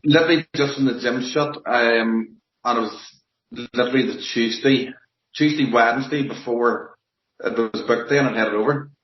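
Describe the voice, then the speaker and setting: A softly spoken man with a Northern Irish accent answers questions in a plain, modest way. His voice sits at a middle pitch. The sound is roomy and echoey, with a dull, lo-fi quality. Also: normal speed. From Northern Ireland. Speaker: interview guest, armwrestler. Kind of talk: casual interview. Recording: echoey, muffled lo-fi audio.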